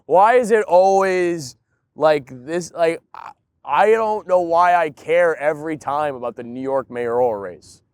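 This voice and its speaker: A man in casual podcast chat, ranting in an animated way and leaning on filler words. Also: fairly high pitch, unhurried, clean tone, no echo, studio quality. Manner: animated, ranting, heavy use of "like" and "dude". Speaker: podcast co-host.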